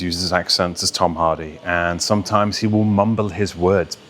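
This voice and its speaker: A man from England working as a voice coach, explaining things clearly and steadily in a video lesson. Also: deep voice, a little hiss or hum. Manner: articulate, steady, explaining with examples.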